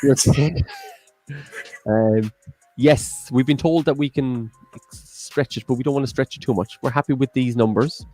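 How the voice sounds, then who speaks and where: A man's voice: mid-range voice, moderate pace, darkish tone, no echo, soft background music. An Irish man in his thirties co-hosting a live quiz stream from home, bantering and laughing. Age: 30s. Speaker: quiz co-host. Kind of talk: casual live-stream chat.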